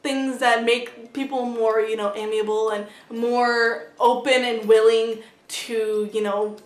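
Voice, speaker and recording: Woman, casual vlog book review, chatty, lots of "like", blunt and sweary, slightly high voice, echoey room. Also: flat delivery, takes it slowly. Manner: chatty, heavy use of "like" fillers. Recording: roomy echo.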